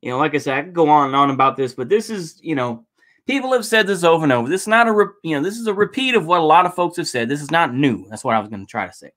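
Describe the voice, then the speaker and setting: A man's voice: fairly high pitch, animated, very fast, a bit bright. A man casually commenting on footage during a livestream, rambling and swearing with lots of fillers. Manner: rambling, profane, many fillers. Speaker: streamer reacting to protest footage.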